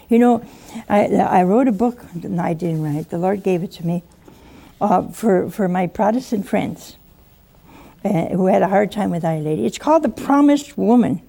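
Slow, gravelly woman preaching. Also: mid-range voice. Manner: lively storytelling, acts out voices, chuckles often. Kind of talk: sermon.

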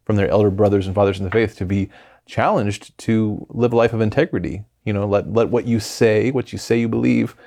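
A man's voice: on the low side, fairly even intonation, fairly quick, creaky, mellow. A man hosting an interview, affirming and reflecting on his guest's story. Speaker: host. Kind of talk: interview conversation.

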